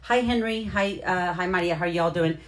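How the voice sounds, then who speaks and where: A woman with a slightly low voice talks casually to her live-stream viewers. She repeats and rephrases herself as she explains, then greets people one by one by name. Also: a little fast. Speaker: livestream host.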